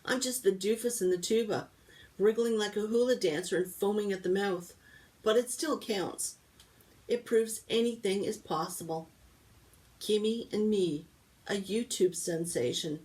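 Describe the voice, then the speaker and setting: Librarian reading a novel aloud. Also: female voice, mid-range voice, a little slow, recorded from a distance, poor audio. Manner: lively first-person narration of a boy. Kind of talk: storybook read-aloud.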